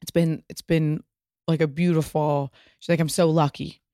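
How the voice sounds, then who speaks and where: With a low voice at normal speed, this podcast host, a thirtysomething woman from Pasadena, California, is recorded in a clean studio without echo. She's a lively storyteller who curses openly and performs other people's lines.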